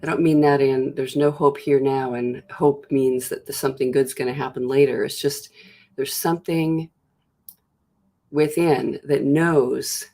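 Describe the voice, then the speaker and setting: A host giving a slow, searching reflective monologue, pausing often and acting out inner thoughts as quoted asides. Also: mid-range voice, steady tone. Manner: slow, searching delivery with long pauses and soft trailing phrases. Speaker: host of a self-inquiry show.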